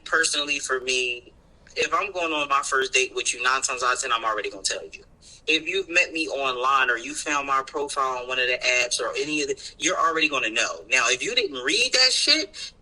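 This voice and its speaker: Male podcast co-host, very bright tense tone, rambling and emphatic, casual profanity. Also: mid-range voice, low-quality recording. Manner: rambling, emphatic, swears freely. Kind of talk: casual chat.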